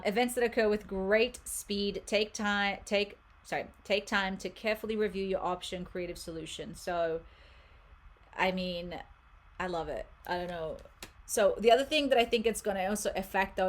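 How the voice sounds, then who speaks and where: A lower-pitched woman talking through a tarot reading in a loose, conversational way. She is animated and laughs easily, and she stumbles and restarts as she goes. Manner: chatty and animated, laughing, many fillers and self-corrections. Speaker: tarot card reader. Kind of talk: casual live reading for a viewer.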